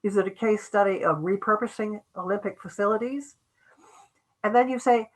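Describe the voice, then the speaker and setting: A woman's voice: mid-range voice, fairly quick, poor audio. An older woman giving a webinar lecture on academic writing, talking in a loose conversational way with restarts and acted-out quotes.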